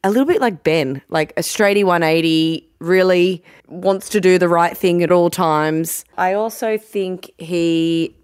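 A woman's voice: lowish voice, unhurried, hardly any pauses, darkish tone, clean tone, no echo, clean studio sound. A woman, co-hosting a casual podcast, candid and cheeky with frequent laughter. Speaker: podcast co-host. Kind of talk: casual chat.

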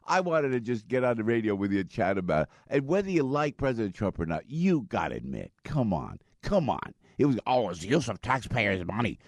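Middle-aged male talk radio host, casual and rambling, lively swooping pitch, dry close studio mic. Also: fairly quick, few pauses, no echo. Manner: animated, rambling storyteller. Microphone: studio microphone.

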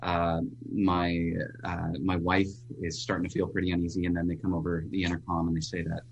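A man, a pastor, telling a personal story as a radio guest in an earnest, halting way with frequent restarts. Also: deep voice, monotone, highs cut off, a little hiss or hum.

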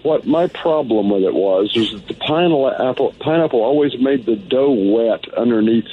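A man answers interview questions in an easy, unhurried way, pausing and using fillers as he thinks. The clip is played back and sounds dull and lo-fi. A faint hiss sits behind him. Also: mid-range voice, animated. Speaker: interview guest.

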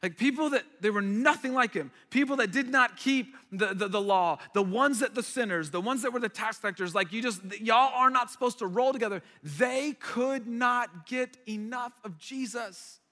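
Man, pastor, lively conversational sermon, high voice, echo of a big hall. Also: normal speed, few pauses. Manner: conversational and animated, with repeated asides. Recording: long hall reverb.

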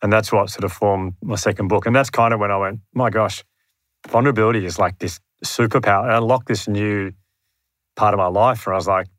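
A man's voice: fairly low pitch, fairly even intonation, a little fast, fairly bright tone, no echo, studio quality. An Australian man telling his story as a podcast guest, earnest and self-deprecating, often acting out what he thought at the time. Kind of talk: candid storytelling in conversation. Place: room near his home.

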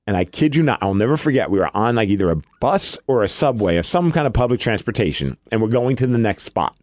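Casting: male podcast co-host, animated storyteller, pitch swings a lot, dry studio sound. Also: fast, no echo. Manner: animated storyteller, acts out quotes. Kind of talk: casual chat.

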